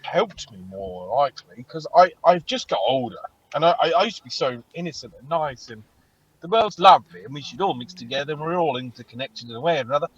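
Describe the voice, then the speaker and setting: A man's voice: on the high side, fast talker, breathy edge, muffled recording. A man co-hosting a casual podcast and telling stories animatedly, swearing a lot. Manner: animated storytelling, heavy swearing. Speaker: podcast co-host. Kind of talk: casual chat.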